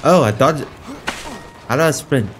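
A man's voice: mid-range voice, moderate pace, a bit bright, a little hiss or hum. A young adult man doing casual, slangy, joking gameplay commentary as a YouTuber. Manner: slangy, hyped, joking, tries a poor Australian accent. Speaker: gaming YouTuber. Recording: game music playing behind.

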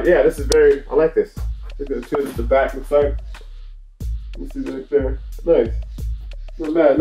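A man's voice: medium pitch, roomy sound, lo-fi sound. A man hosting a casual product unboxing video, upbeat and slangy, often repeating his praise. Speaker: vlog host.

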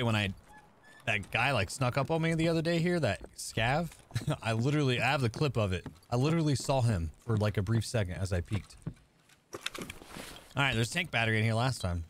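Man, casual stream chatter, lively up-and-down voice, faint noise behind. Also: mid-range voice, normal speed, long pauses. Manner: chatty, thinking aloud, talking to chat. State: out of breath. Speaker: game streamer. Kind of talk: casual live-stream chat while gaming.

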